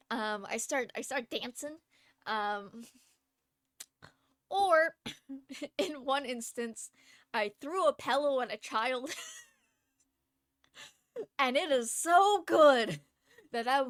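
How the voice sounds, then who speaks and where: A woman's voice: a little high, a bit bright, no room sound, clean studio sound. A woman live streamer telling a story in a chatty, casual way, laughing often between phrases. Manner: chatty, lots of fillers and restarts.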